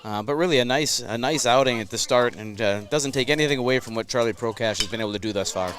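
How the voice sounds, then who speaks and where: A man's voice: medium pitch, fast, noisy background. A man giving baseball color commentary, explaining the strategy behind each play.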